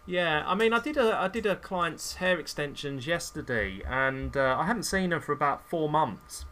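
A man's voice: on the high side, lively intonation, normal speed, pushed and bright. A man, a hairdresser co-hosting a podcast, ranting in an opinionated, scornful way. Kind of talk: casual chat.

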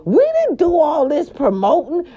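A woman gossip vlogger with a fairly high, lively voice that leaps upward whenever she gets worked up. Her tone is warm and mellow, and her casual, profane chatter comes through a dull, lo-fi recording. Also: a little slow. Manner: animated, profane, big swoops up in pitch. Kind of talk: casual celebrity gossip monologue.

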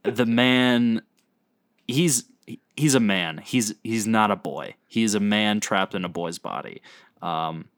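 Slow, dry-sounding low-voiced man. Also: a bit bright, smooth, dry recording. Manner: laid-back and jokey, with slang and swearing. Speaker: podcast co-host. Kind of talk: casual sports chat.

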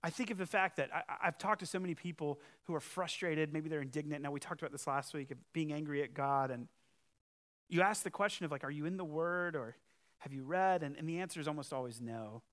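Emphatic male pastor with a higher voice. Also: fast. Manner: emphatic, swings from loud challenge to quiet earnest appeal; conversational asides, rhetorical questions. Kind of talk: sermon.

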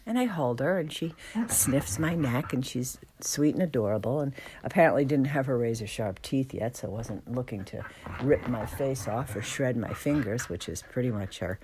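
A middle-aged woman telling a rambling personal story about dogs at home, animated, with squealing quoted excitement. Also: extremely low pitch, a little hiss or hum. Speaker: dog owner telling a story. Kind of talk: casual storytelling. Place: outdoors then indoors at home with dogs.

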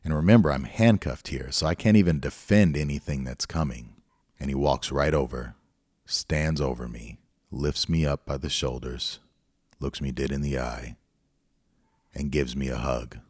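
A man's voice: very deep voice, moderate pace, a little mellow, dry recording, clean studio sound. A middle-aged man hosting a podcast, telling a personal story in a candid, reflective way. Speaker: podcast host. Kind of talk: storytelling monologue.

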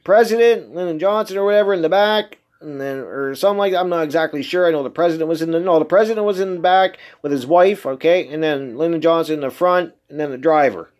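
A man with a slightly higher voice hosts his own casual podcast, talking alone to his listeners. He swears constantly and sounds emphatic and incredulous. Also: quick pace, few pauses. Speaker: podcast host. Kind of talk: casual solo podcast monologue.

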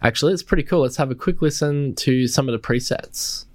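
A man's voice: mid-range voice, a little fast, no echo. A man hosting a casual podcast in an upbeat, enthusiastic way. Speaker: podcast host.

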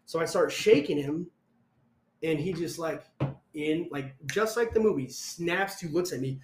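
A man's voice: a little high, a little slow, slight background noise. Profane young man telling a wild story. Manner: profane, animated, acts out quotes loudly. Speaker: storyteller guest. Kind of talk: casual storytelling chat. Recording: echoey room.

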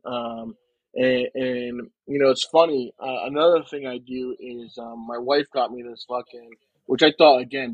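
A young man from New Jersey, talking casually as a podcast guest, in a relaxed and rambling way with frequent "man" and "right". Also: medium pitch, dry recording, poor audio. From New Jersey, United States. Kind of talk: casual conversation.

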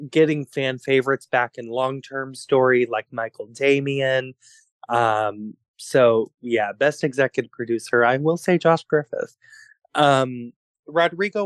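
Brief: male podcast host, relaxed, chatty, dry close sound. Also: medium pitch, a little slow, clean tone, dry recording. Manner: relaxed, chatty, laughs often. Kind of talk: casual podcast chat.

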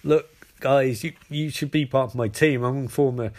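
A man's voice: medium pitch, moderate pace, darkish tone, lightly acted. A man voicing a rambling, sheepish male supervillain who stammers and restarts.

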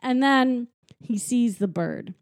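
A woman's voice: on the high side, slow, no echo, clean studio sound. Giggly woman casually retelling a film. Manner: giggly, animated retelling with acted quotes. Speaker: podcast co-host recapping a film. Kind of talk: casual chat.

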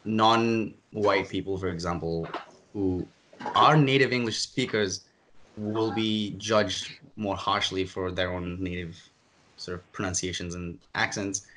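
Podcast host, man from Asia, low voice, casual and wry. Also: steady tone, unhurried, a bit bright, a little hiss or hum. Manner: thoughtful, dry, ironic. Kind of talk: casual chat.

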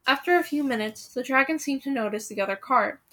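Bright-voiced woman reading a story aloud. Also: high-pitched, animated, a little fast. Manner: dramatic, suspenseful pacing.

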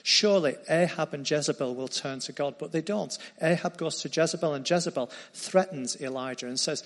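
Guy preaching, kinda high voice, earnest, gets soft sometimes. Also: brisk, few pauses. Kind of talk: sermon.

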